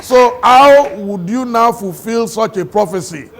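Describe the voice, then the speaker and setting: High-pitched Nigerian man, laughing storyteller. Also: a little slow, background noise. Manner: laughs through his stories, animated. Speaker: talk show guest. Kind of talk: storytelling conversation.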